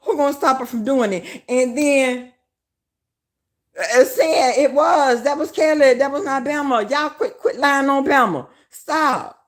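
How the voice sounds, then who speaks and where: A woman's voice: high voice, unhurried. A woman, hosting a casual phone live stream and talking in a brash, profane, trash-talking way. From Alabama, US.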